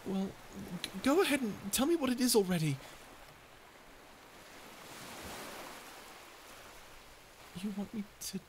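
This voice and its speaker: A woman's voice: fairly high pitch, noisy background, lightly acted. A woman voicing a prickly young sea creature who stammers and hides her fear behind insults, in a listener-perspective audio drama. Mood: grumpy. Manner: stuttering, flustered tsundere bluster.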